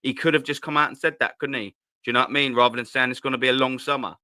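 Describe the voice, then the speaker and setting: A man's voice: mid-range voice, steady tone, rapid-fire, sharp tone, dry recording, studio quality. A man hosting a casual live stream from home, rambling and swearing with lots of slang into a cheap desk mic at his laptop. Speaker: host.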